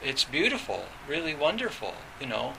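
A man's voice: medium pitch, sing-song, moderate pace, vocal fry, bright, forceful tone, slight background noise, poor audio. A man giving a Zen dharma talk in a rambling way, with many fillers and restarts. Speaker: Zen teacher.

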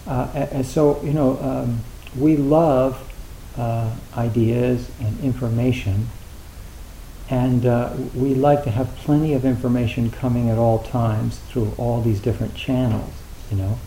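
A middle-aged man gives a dharma talk in a relaxed, halting way, full of fillers and dry humor. His voice is mellow and unhurried. The recording is roomy, with a light hiss underneath. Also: mid-range voice. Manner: halting, loose and conversational with frequent fillers; wry, gently humorous. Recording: roomy hall with faint hiss.

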